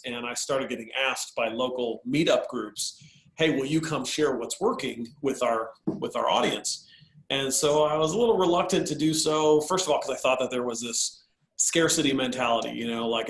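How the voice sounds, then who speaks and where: A man tells a personal story to a host in a relaxed, animated way. His voice sits mid-pitched and he leans on easy fillers. The room around him rings a little. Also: reverberant, low-quality recording. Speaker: guest speaker. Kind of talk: casual storytelling.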